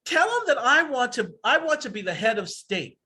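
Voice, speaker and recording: A man voicing a greedy, demanding fisherman's wife in a storytelling aside, pushing his voice up high. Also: very animated, normal speed, sharp tone, full character voice.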